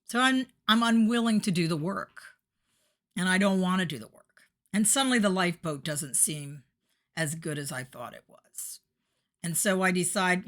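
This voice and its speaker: A woman's voice: on the low side, moderate pace, a bit bright. A woman hosting a podcast, giving a motivational monologue and acting out the voices in her story. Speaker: podcast host. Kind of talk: motivational monologue on addiction recovery.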